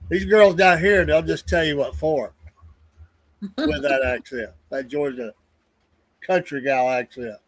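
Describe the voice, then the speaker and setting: Dry-sounding co-host. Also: male voice, fairly high pitch, unhurried, pauses often, dry recording. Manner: storytelling, hedging, earnest. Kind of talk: casual chat.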